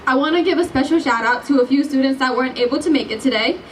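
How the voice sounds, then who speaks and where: Speaking fast in a high voice, a bubbly late-teen class president works through her graduation speech, giggling and apologizing each time she loses her place. The rough recording was made from a distance and carries a little hiss or hum.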